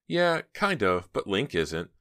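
A man voicing an angry teenage girl who speaks loudly and accusingly. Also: very animated, slow pace, dry recording, clean studio sound, exaggerated voice. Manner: pitched up, loud, accusing.

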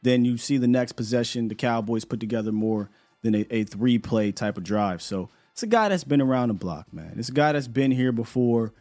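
A man's voice: mid-range voice, expressive, fairly quick, darkish tone. Emphatic man hosting a sports talk show. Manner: emphatic, repeats points for effect.

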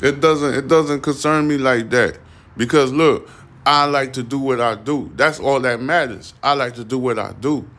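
A man's voice: mid-range voice, normal speed, fairly bright tone. Defiant rambling man hosting a solo podcast. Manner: rambling and defiant, repeating "you see what I'm saying". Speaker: podcast host. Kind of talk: casual solo podcast monologue.

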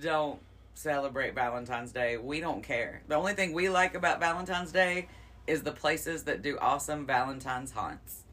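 A woman's voice: low voice, moderate pace, fairly bright tone. A woman co-hosting a casual podcast, chatty and matter-of-fact. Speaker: podcast co-host.

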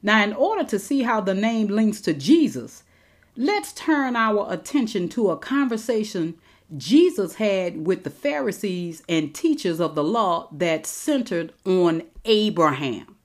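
A woman teaching the Bible in a sermon style, slowing down to stress quoted scripture. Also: medium pitch, big pitch swings. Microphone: recorded teaching episode.

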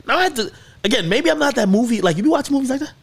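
A man hosting a podcast, telling a story in casual chat with lots of swearing and excited peaks. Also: very high-pitched, rapid-fire, slightly rough. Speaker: podcast host.

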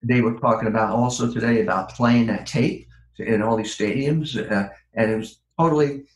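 An older man tells long, rambling stories in an interview, often stopping and restarting his sentences. His voice sits at an ordinary middle pitch. It comes through with a roomy echo around it. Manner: rambling, halting with many restarts and fillers. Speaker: guest, former criminal profiler. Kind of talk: podcast interview storytelling.

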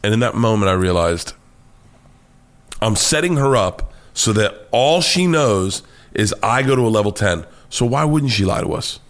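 Animated man telling a story. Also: lowish voice, moderate pace. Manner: animated storyteller, swears freely, acts out quotes loudly. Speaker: comedian guest. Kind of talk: storytelling in a casual interview.

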